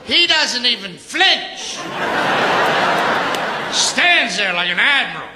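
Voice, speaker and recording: A man's voice: very high voice, big pitch swings, takes it slowly, roomy sound, long reverb tail, very noisy. A man doing a stand-up comedy routine, telling a story and acting out the quotes.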